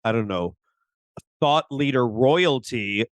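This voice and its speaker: A man's voice: mid-range voice, slow, no room sound. A man co-hosting a podcast in casual chat, acting out lines from the show as he talks. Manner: animated, acts out quotes from the show. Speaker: podcast co-host.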